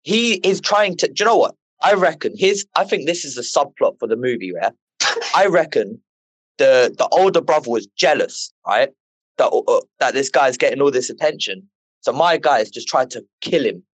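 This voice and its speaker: A man co-hosting a casual film podcast with friends, ranting in slang in an animated way. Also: medium pitch, normal speed, slightly rough, no room sound. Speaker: podcast co-host.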